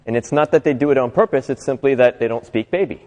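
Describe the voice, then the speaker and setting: A man speaks as a motivational speaker at a live event, talking with his listeners rather than at them and tossing them rhetorical questions. His voice sits at an ordinary middle pitch, and a long hall reverb trails behind each phrase. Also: quick pace, a little mellow, lo-fi sound. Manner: conversational, asks the audience rhetorical questions. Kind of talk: inspirational talk to a live audience. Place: live talk venue.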